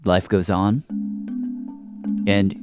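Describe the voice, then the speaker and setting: A male radio host narrates in a calm, measured way and asks his guests questions. His voice sits on the low side. Music plays clearly beneath him.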